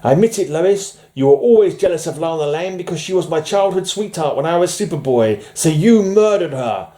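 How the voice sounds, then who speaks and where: A man's voice: a little high, expressive, brisk, mellow, pitched above the performer's own voice, natural voice. Man doing a smug lofty superhero. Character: smug male superhero, lofty and self-assured.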